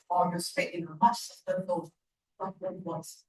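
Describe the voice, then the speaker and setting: A woman giving a measured, encouraging speech evaluation at a club meeting. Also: fairly low pitch, flat delivery, a little mellow. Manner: measured, encouraging feedback with pauses. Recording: echoey room from far off.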